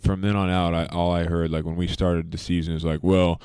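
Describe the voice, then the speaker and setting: A man's voice: deep voice, little pitch movement, brisk, darkish tone, clean tone, no room sound. A young man, a basketball player guest, telling stories in a laid-back podcast chat full of fillers.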